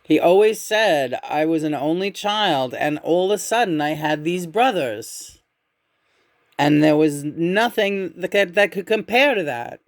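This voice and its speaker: A woman giving a casual tarot reading in a musing, meandering way, often humming softly between thoughts. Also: lowish voice, expressive, unhurried, dry recording, studio quality. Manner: meandering, musing, with frequent murmured hums. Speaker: tarot reader.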